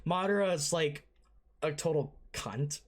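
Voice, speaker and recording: Reaction host, casual commentary, rambling, swears a lot, lots of ums and restarts, mid-pitched voice. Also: unhurried. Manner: rambling, swears freely, many fillers and restarts.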